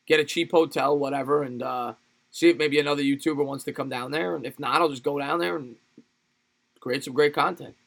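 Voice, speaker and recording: A man hosting a live sports stream, calling plays with excitement and chatting casually with viewers between plays. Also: fairly high pitch, fairly quick, vocal fry. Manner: excitable play-by-play calls, rambling chat between plays. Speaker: livestream sports host. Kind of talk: live play-by-play and chat with viewers.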